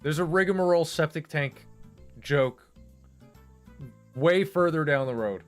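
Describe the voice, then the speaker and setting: Streamer dude ranting, swears a lot, kinda high voice, faint music in the back. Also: male voice, unhurried. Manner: profane, emphatic, animated. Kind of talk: casual rant. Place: home streaming setup.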